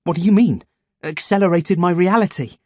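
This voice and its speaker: Brief: husky teenage boy, scared and defiant, higher pitched, as read by a man. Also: brisk. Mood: desperate. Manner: panicked, shouting.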